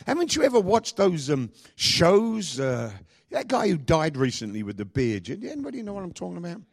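A man pastor preaching a sermon, asking the congregation repeated questions and speaking with lively emphasis. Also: high voice, a little fast, creaky, slightly rough.

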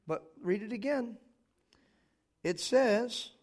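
High-voiced preacher, loud and emphatic. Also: male voice, lively intonation, normal speed. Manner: emphatic, swings between loud scripture reading and joking asides. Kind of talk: sermon with humor. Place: church, live congregation.

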